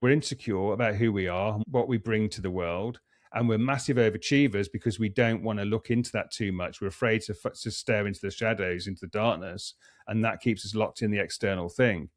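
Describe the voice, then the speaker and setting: Recorded dry and clean in a studio, this fairly low-pitched, brisk voice belongs to a middle-aged coach and performance psychologist. Appearing as a podcast guest, he explains things reflectively and earnestly, frequently starting sentences over and repeating words while working out his thoughts.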